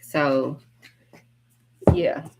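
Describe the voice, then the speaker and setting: A woman's voice: very slow, heavy background noise. A woman tarot reader on a casual livestream, talking bluntly and chattily, swearing freely and laughing often. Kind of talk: casual livestream collective reading.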